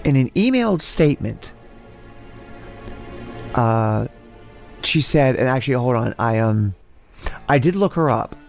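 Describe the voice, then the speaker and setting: A man hosting a podcast, recapping news in a casual, animated way with plenty of swearing. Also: mid-range voice, a little slow, gravelly, long pauses, faint music behind. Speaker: podcast host. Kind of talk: casual chat.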